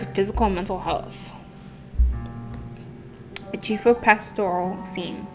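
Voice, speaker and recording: A woman plays through a story game, reading its narration and dialogue aloud and dropping casual comments in between. Her voice sits at an ordinary middle pitch. Game music plays clearly behind her. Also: unhurried, long pauses. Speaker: gaming channel host.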